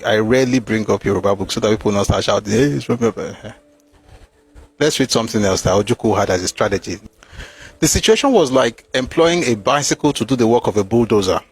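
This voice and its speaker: A man's voice: medium pitch, husky. A man reading passages from a war memoir aloud and breaking off with mocking, emphatic asides.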